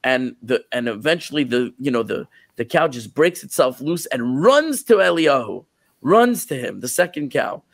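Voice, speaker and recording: Man, rabbi, storytelling sermon, animated, repeats words, dry room. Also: mid-range voice, moderate pace, creaky, no echo.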